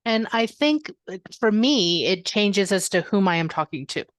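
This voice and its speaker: A woman co-hosting a podcast, calm and reflective, explaining her thoughts in casual chat. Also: medium pitch, normal speed, dry recording, studio quality. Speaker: podcast co-host.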